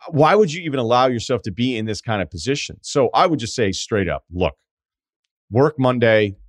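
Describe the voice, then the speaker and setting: A man's voice: mid-range voice, lively intonation, fast, dry recording, studio quality. A man in his forties hosting a podcast, giving casual advice in a blunt, emphatic way with many asides. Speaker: podcast host.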